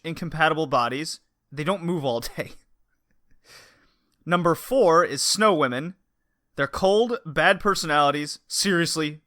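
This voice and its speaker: A man's voice: a little high, bright, forceful tone, no room sound, studio quality. A man co-hosting a podcast, chatting casually and animatedly, laughing and acting out quotes. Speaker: podcast co-host.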